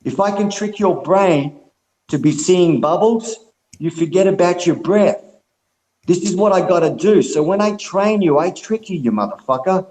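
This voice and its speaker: Man, easygoing rambler, slightly high voice, swears a lot, echoey room sound. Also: expressive, moderate pace, a little mellow. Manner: rambling, laid-back, heavy swearing, calls people mate and brother. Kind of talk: casual group call chat.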